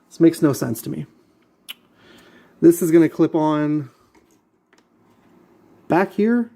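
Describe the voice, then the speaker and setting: A man's voice: a little high, expressive, measured pace, long pauses, warm tone. A man vlogging while he assembles a model kit, talking to himself and his viewers in an exasperated, muttering way and repeating himself often. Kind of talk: casual talk while assembling.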